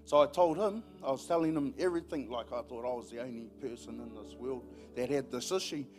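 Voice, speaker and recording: A man's voice: mid-range voice, brisk, music in the background. A man with a New Zealand accent giving a casual personal testimony in a church service, telling a story with frequent laughs.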